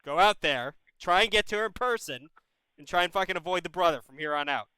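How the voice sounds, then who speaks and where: A man's voice: high voice, animated, fast talker, bright, forceful tone, clear, resonant tone, dry recording. A man hosting a call-in advice show, talking bluntly and casually with heavy swearing. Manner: profane, blunt, bro-ish. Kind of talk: casual advice chat with callers.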